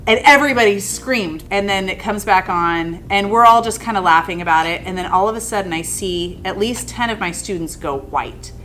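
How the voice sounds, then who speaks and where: A woman, a high school English teacher, telling a spooky classroom anecdote in a dramatic, lively way. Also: a little hiss or hum. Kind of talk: personal anecdote storytelling.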